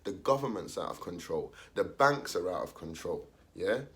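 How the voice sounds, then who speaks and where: A man's voice: low voice, lively intonation, moderate pace. A young man, talking casually in street slang, ranting his opinion and acting out the voices of others. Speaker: commentator.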